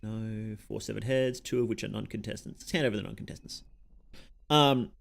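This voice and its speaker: A man's voice: on the low side, fairly even intonation, brisk, gravelly. An Australian man streaming a game, rambling casually and breaking off mid-thought to comment on what he is doing. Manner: rambling and chatty, with self-interrupting asides. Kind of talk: casual gameplay chat.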